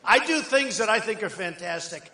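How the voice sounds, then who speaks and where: A man's voice: sits high, lively intonation, moderate pace, creaky. Boastful older man at an echoey rally. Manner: boastful, rambling, conversational with sudden loud bursts. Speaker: political candidate at a rally. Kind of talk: rally speech. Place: large outdoor rally crowd. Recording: echoey rally PA with crowd ambience.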